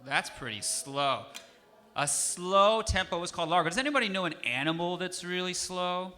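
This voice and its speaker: A man who is a musician teaching a young audience, lively and encouraging as he coaxes them to answer. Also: sits high, moderate pace. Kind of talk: interactive music lesson for kids.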